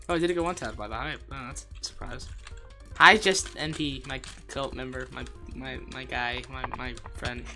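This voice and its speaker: Game streamer, bright tone, excitable, laughs a lot, repeats phrases, live commentary, faint music behind. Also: mid-range voice, normal speed. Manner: jokey, self-deprecating.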